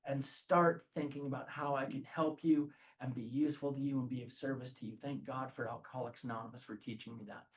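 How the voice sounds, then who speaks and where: A man leading a recovery group study in a lively talk, often checking in with "okay?". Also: mid-range voice, fairly quick, few pauses, muffled recording. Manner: animated, says "okay?" often.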